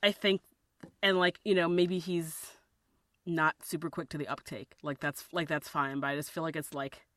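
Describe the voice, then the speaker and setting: A woman's voice: deep voice, fairly even intonation, normal speed, a bit bright, no echo, studio quality. A woman co-hosting a podcast, speaking hesitantly with many fillers and restarts and laughing often. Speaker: podcast co-host. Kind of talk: casual chat.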